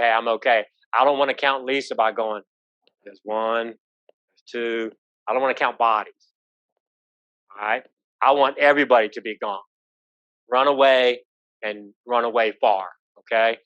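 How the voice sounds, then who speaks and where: Guy teaching a police safety class, folksy storyteller, mid pitch, dry muffled sound. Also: fairly even intonation, moderate pace, long pauses, no echo. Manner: folksy, storytelling, asks the room "right?". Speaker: police trainer. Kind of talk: live safety training talk. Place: training room. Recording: dull lo-fi sound.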